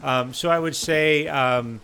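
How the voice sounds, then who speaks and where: Rambling American streamer with gravelly tone. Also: male voice, on the high side, slow pace, pushed and bright, a little hiss or hum. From United States. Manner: chatty, rambling, many fillers and restarts. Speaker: game streamer. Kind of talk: live-stream gameplay commentary.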